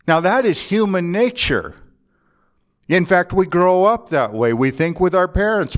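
A man preaching a sermon as a pastor, earnest and deliberate, slowing down and pausing to press his points home. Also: high-pitched, lively intonation. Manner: earnest preaching with slow emphatic pauses.

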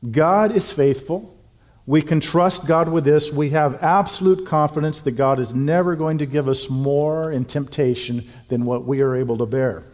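Middle-aged male pastor, sermon delivery, emphatic and earnest, a touch high-pitched. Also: a little mellow. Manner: earnest, emphatic preaching with slow stressed phrases.

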